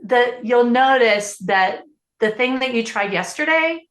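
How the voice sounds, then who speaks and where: A woman's voice: a little high, lively intonation, a little slow, a bit bright, echoey room. A woman parenting coach answering interview questions in an earnest, explanatory way, often restarting her sentences.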